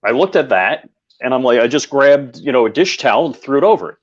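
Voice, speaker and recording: A man's voice: mid-range voice, lively intonation, fast, muffled recording. A man chatting as a guest, telling anecdotes with many fillers. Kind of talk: casual chat.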